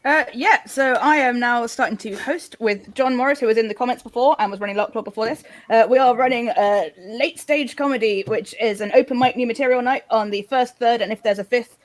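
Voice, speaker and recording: A woman's voice: on the high side, brisk, few pauses. A woman comedian on a panel show, talking casually and teasing the others. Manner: playful, teasing. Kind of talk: casual chat.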